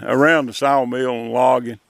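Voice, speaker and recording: A man's voice: mid-range voice, steady tone, moderate pace, vocal fry, background noise. An older man, a retired logger telling chuckling stories in casual talk. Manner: drawling rural storyteller, chuckling. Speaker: retired logger and sawmill owner. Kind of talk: casual storytelling.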